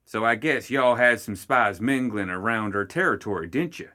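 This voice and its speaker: A man's voice: on the low side, expressive, moderate pace, pushed and bright. A man voicing a boastful male gremlin clan leader who swaggers in backwoods slang.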